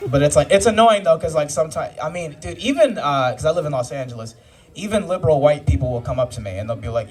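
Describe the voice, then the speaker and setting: A man's voice: a little high, expressive, fast talker, few pauses, a little mellow. A man in his twenties doing a stand-up comedy set, with proper, formal-sounding speech and a dry delivery. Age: 20s. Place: live comedy club stage. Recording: distant live club recording with crowd laughter.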